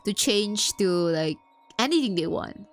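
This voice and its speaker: A woman hosting a streamed podcast, telling stories in a rambling, animated way, with many fillers and sudden squeals. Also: medium pitch, a little slow. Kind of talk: casual chat storytelling.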